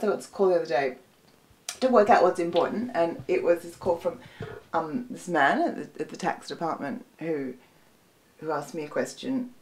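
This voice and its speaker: Australian woman comic, middle-aged, low voice that swoops widely, chatty and sweary; rambling monologue. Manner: chatty, rambling with frequent fillers, swears freely. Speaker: comedian.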